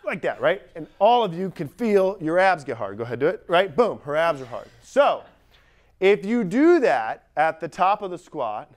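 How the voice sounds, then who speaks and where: Energetic man coaching a squat. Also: a little high, normal speed. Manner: energetic, talks straight to the group, acts out lifters. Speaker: strength coach. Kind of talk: live coaching demonstration. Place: gym platform at a lifting camp.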